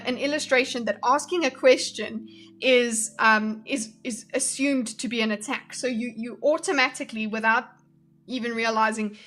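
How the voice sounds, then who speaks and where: A woman's voice: fairly high pitch, a bit bright. A woman streamer giving casual commentary on a debate clip, thinking aloud with many fillers and restarts and replying to her live chat. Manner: reads and answers live chat.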